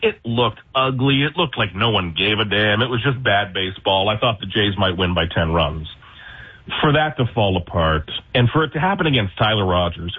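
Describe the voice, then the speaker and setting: Husky, lowish male guest, sarcastic and laid-back, calling in over a lo-fi line. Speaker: baseball beat reporter guest. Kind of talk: casual sports radio interview. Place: hotel room. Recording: dull lo-fi remote line.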